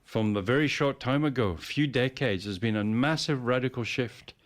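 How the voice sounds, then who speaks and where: A man's voice: mid-range voice, moderate pace. A man in casual conversation, rambling and repeating words as he muses. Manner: rambling, repeats words, puts on playful voices. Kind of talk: casual chat.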